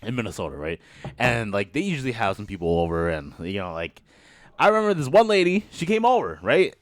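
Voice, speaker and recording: A man co-hosting a podcast, loud and expressive, telling a story with lots of laughter. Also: lowish voice, fairly quick, no room sound. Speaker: podcast co-host. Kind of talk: casual chat, storytelling.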